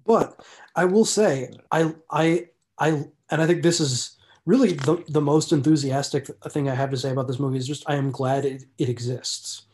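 A man co-hosting a podcast, discussing films in a measured, hesitant way with frequent restarts, over a remote call. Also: on the high side, darkish tone. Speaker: podcast co-host. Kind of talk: casual film discussion.

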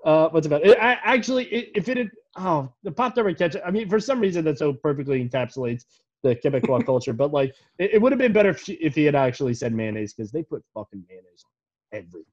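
A man chatting as a podcast guest, excitable and rambling with mock indignation. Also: on the high side, quick pace, muffled recording. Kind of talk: casual podcast chat.

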